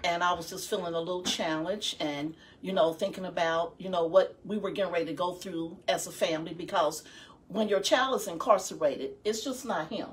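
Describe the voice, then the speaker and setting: A woman's voice: fairly low pitch, brisk. A middle-aged woman guest giving a personal testimony, telling her story conversationally and quoting her own prayers. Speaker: guest, founder of a support ministry. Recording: distant mic.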